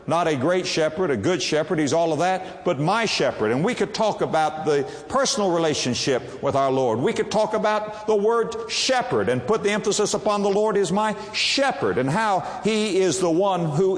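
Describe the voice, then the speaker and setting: A man preaching a sermon in a church, his voice rising and falling with lively swings of pitch. He lingers on single words with dramatic pauses and reads scripture slowly and solemnly. A long reverb trails after him in the hall. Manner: dramatic pauses and emphatic word-by-word stress.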